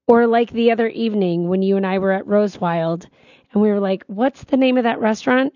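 A woman, co-hosting a talk show and telling stories in animated, casual chat. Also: medium pitch, brisk, no room sound, muffled recording. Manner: chatty, animated storytelling. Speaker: radio show co-host.

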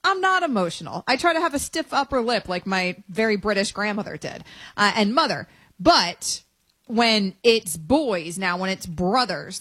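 A woman's voice: on the high side, fairly bright tone, dry recording. A woman co-hosting a sports radio show, talking in casual banter, chatty and emphatic, with lots of fillers. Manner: chatty and emphatic, many fillers like "like" and "you know". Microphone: studio microphone.

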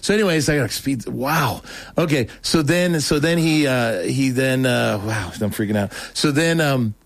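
A man, a show guest, telling his conversion story in a rambling, animated way with many restarts. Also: medium pitch, moderate pace, no room sound. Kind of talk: casual spoken testimony.

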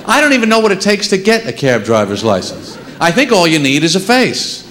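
A man's voice: sits high, wildly swooping pitch, brisk, a bit bright. A man doing a dry, observational stand-up routine on a club stage. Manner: wry, dry observational joking. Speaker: stand-up comedian. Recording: live club, crowd laughter.

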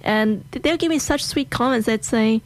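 An Australian woman with an Australian accent, hosting a casual interview in a relaxed and friendly way. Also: a little high, fairly quick. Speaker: host.

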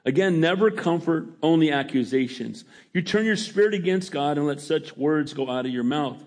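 A man's voice: fairly high pitch, expressive, normal speed. A middle-aged male pastor preaching a folksy sermon, reading scripture and asking the congregation for amens.

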